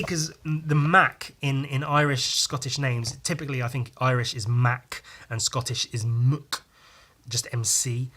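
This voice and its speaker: A man's voice: medium pitch, a bit bright. A man hosting a podcast, paging through a comic with casual, profane, rambling and jokey commentary. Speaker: podcast host.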